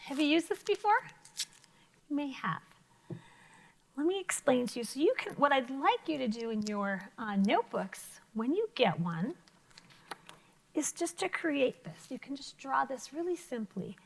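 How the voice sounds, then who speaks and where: A woman's voice: sits high, very animated, unhurried, vocal fry, long pauses. A woman teacher giving a vocabulary lesson to children, encouraging them with questions and praise. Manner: encouraging, talks to young pupils with questions and praise. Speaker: elementary school teacher.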